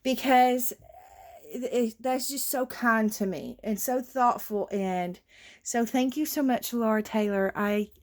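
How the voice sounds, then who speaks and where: A woman's voice: a little high, lively intonation, slow pace. A woman chatting casually and emotionally to her viewers as a craft channel host, with lots of fillers. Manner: emotional, gushing, warm thanks with many fillers.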